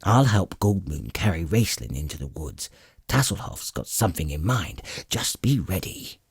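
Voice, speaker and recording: A man voicing a gruff old male dwarf warrior who talks in a terse growl. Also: sits low, big pitch swings, normal speed, no room sound, clean studio sound, full character voice. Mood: gruff urgent.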